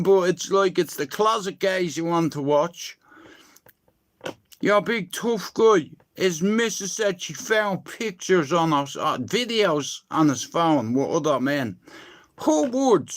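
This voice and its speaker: A man's voice: high voice, fairly bright tone. A man, ranting crudely and mockingly on a live stream, full of swearing.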